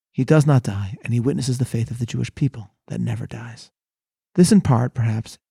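A male rabbi delivers a measured sermon-style lecture. His voice is gravelly and mellow, with a husky edge. He reads quotations with dramatic emphasis. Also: medium pitch, no echo.

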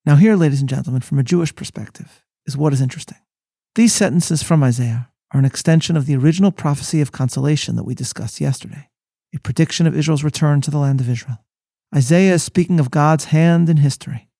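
A man hosting a scripted Bible lesson, speaking in a measured, scholarly, sermon-like way. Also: fairly high pitch, mellow, breathy edge, dry recording, clean studio sound. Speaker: host and rabbi.

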